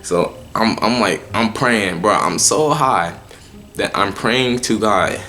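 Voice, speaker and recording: A young man telling a storytime in a lowish voice with a bright, forceful edge. His delivery is animated and heavy on slang and swearing, and he often stumbles and restarts mid-sentence. Faint music plays behind him. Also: slow pace. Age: young adult. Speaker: vlogger telling a personal story. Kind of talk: casual storytime monologue.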